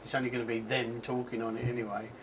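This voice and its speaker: A man with a Cockney accent talks through a gadget review in a loose, chatty way, stopping for ums and correcting himself as he goes. His pitch sits mid-range for a man. A faint hiss of background noise runs under the recording. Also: little pitch movement, fast talker, rough recording. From England. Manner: rambling, chatty, self-correcting, frequent ums. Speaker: tech reviewer. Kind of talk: casual product review.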